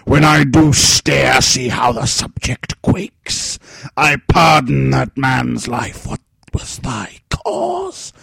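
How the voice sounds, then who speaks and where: A man acting out a mad elderly king, slow and theatrical, swinging between shouts and hoarse whispers with a husky voice. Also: medium pitch, sing-song, dry recording, full character voice. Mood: raving. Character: raving mad old king, male, elderly.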